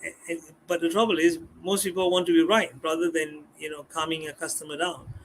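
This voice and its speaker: Guest speaker, a man with a high voice, lively and repeats himself, faint noise in the background. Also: a little fast. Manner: animated, acts out customers' voices, repeats words. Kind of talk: live-stream talk on communication skills.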